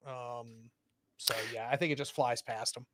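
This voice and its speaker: Bright-voiced hesitant man playing a game. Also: mid-range voice, fairly even intonation, measured pace, dry recording, studio quality. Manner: hesitant, stumbling, self-deprecating. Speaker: player.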